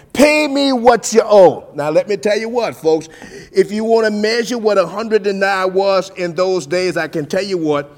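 High-pitched guy preaching, sing-songy, goes from quiet to loud, keeps saying folks. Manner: preaching cadence with sing-song rises and big swings in loudness; keeps addressing listeners as folks. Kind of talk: sermon.

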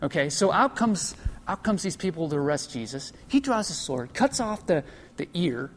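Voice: mid-range voice, very animated, moderate pace, a little hiss or hum. A Bible study teacher explaining a passage in an informal, conversational way, thinking aloud with asides. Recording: long reverb of a large hall.

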